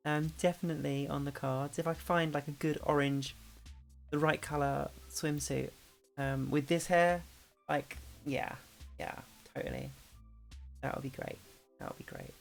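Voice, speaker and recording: A woman's voice: sits low, steady tone, normal speed, gravelly, soft background music. A woman streaming and chatting casually with viewers, rambling with lots of fillers and restarts. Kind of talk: casual chat with chat readers. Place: home streaming setup.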